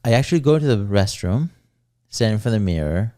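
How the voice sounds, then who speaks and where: A man's voice: on the low side, lively intonation, brisk, dark tone. A man co-hosting a podcast, speaking bluntly with a lot of swearing. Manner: blunt, profane, self-critical. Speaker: podcast co-host. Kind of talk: casual chat.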